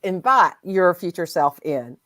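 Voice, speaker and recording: Gentle, low-voiced woman host. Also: animated, measured pace, no room sound. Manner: gentle, reflective, heartfelt. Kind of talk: casual spiritual chat.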